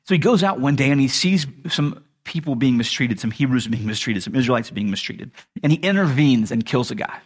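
A man's voice: medium pitch, expressive, brisk, breathy edge. A man giving a sermon as a pastor, retelling a story in a casual, humorous way with chuckles and restarts.

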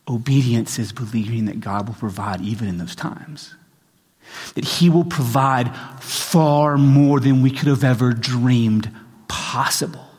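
Husky guy preaching, earnest, lots of echo from a big hall. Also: mid-range voice, darkish tone. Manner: earnest, with frequent restarts and rising intensity in readings. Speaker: pastor. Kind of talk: sermon. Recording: long reverb in a large hall.

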